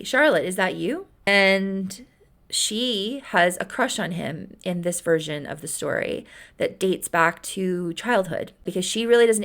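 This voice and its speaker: A woman recapping a story with wry, deadpan asides. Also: fairly low pitch. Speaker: host.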